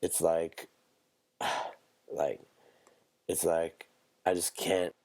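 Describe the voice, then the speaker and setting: Gravelly, slow-talking podcast host. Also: male voice, low voice, fairly even intonation, darkish tone, dry recording. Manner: loose, profane and rambling, with joking asides. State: coughing, with a stuffy nose. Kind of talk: casual solo podcast chat.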